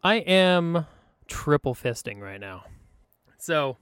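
A man's voice: fairly high pitch, very animated, takes it slowly, fairly bright tone, clear, resonant tone, no echo, clean studio sound. A man with an Upper Midwest American accent, a podcast guest on a video call, chatting in a laid-back way, swearing freely and laughing often. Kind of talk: casual chat.

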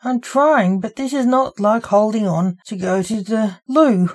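A woman's voice: medium pitch, unhurried, a little mellow, lightly acted. Woman voicing a huffy vampire stage assistant. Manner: huffy, sarcastic.

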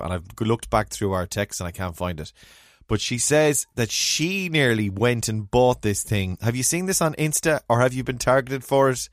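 This is a man, talking in an easy, mid-pitched voice on a casual podcast. He tells stories with plenty of energy, breaks into laughs and acts out lines in other voices. The recording is close and dry, with no room sound. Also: normal speed, no echo. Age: 30s. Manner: lively storyteller, laughs often, acts out his texts. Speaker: podcast co-host. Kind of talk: casual chat.

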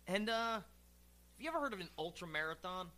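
A man co-hosting a podcast in casual chat, excitable and rambling with filler words. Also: high voice, a little fast, a crowd in the background. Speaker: podcast co-host.

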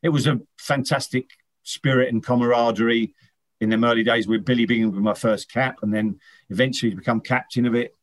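A man's voice: mid-range voice, steady tone, a little fast. Rambling middle-aged man telling stories. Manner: rambling, anecdotal, many restarts. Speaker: guest, former footballer. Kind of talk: casual interview chat.

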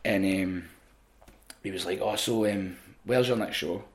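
A man's voice: sits low, a little slow. A Scottish man, a wrestling promoter, chatting casually on a podcast, swearing freely and stumbling over restarts as he spins anecdotes.

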